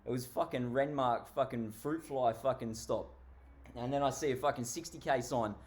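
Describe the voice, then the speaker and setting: A man's voice: medium pitch, moderate pace. An Australian man telling a story casually, rambling and swearing constantly, often laughing. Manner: heavily profane, rambling, laughs while telling.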